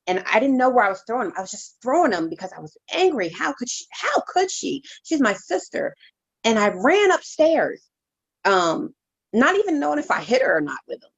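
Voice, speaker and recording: A woman reverend telling her personal testimony as an interview guest, in a halting, heartfelt way with many restarts. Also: fairly high pitch, big pitch swings, creaky, breathy edge, muffled recording.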